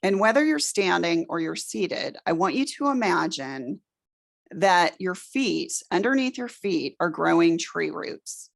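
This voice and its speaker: A middle-aged woman leading a room through a guided relaxation exercise, giving slow, soothing instructions. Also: on the low side, animated, creaky. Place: presentation room with an audience.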